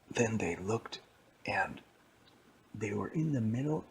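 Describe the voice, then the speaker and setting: A man telling an improvised bedtime story to a child, in a hushed, half-whispered voice. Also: lowish voice, lively intonation, slow, vocal fry, long pauses, breathy edge.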